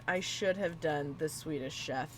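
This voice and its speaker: A woman's voice: sits low, a little slow, a crowd in the background, poor audio. A woman playing a tabletop game, chatting casually with giggly, joking asides. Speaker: player.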